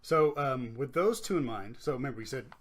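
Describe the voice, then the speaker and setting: A man's voice: medium pitch, lively intonation, fairly quick. A man hosting a casual podcast, explaining step by step and repeating his key points. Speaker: podcast host.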